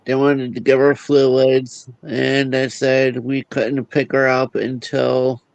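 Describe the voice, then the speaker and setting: A grieving man talking haltingly on a livestream call, often repeating his words as he goes. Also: medium pitch, vocal fry, clean tone, dry recording, low-quality recording. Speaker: livestream guest. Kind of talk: casual video call chat.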